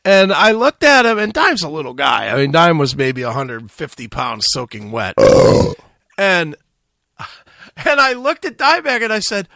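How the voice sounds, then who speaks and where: Male metal radio host, high bright voice, dry close sound, swears freely, animated teller. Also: normal speed, creaky, dry recording. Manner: profane, animated storyteller acting out quotes. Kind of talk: casual storytelling.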